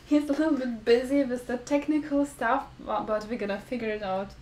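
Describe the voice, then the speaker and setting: A woman hosting a casual mukbang live stream, talking slowly and clearly to her viewers in a friendly, chatty way. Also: fairly high pitch, crowd noise. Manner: slow, deliberate speech for viewers; friendly, chatty, laughs often. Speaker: vlog host.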